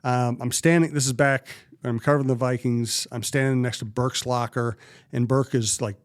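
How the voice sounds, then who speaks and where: A man co-hosting a casual podcast, telling anecdotes in an easygoing conversational way. His voice sits at a middle pitch for a man. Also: fairly even intonation, moderate pace. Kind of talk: casual chat.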